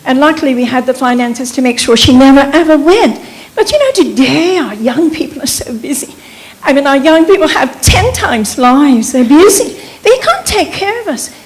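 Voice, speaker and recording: An older woman in her seventies gives an earnest, rambling personal account from the floor of a community meeting. Her voice sits high. She is picked up from some distance in the hall, so the sound sits back in the room. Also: lively intonation, moderate pace. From Bermuda. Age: 70s. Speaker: audience member speaking at a meeting. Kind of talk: emotional personal testimony.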